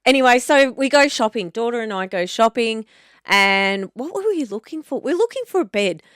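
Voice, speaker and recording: A woman co-hosting a casual podcast and rambling through an anecdote with plenty of laughs. Her pitch swings widely as she talks. The recording is dry and close. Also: lively intonation, normal speed, a bit bright, clear, resonant tone, no echo. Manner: chatty storyteller, laughs often. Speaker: podcast co-host. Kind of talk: casual chat.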